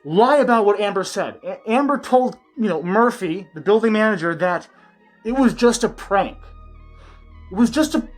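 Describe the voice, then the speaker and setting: A woman's voice: mid-range voice, lively intonation, moderate pace. Female vlog host, blunt and profane, comedic gossip commentary, faint music bed. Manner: sarcastic, crude and blunt. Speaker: channel host.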